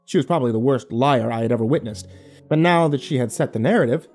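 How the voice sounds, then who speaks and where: A man narrating a first-person horror story in a wry, expressive way. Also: mid-range voice, fast talker, faint music behind.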